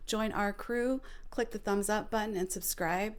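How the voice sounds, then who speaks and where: A woman in her fifties hosting a reaction video, greeting viewers and giving calm advice. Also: mid-range voice, measured pace, noisy background. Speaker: channel host reacting to clips. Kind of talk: casual reaction commentary.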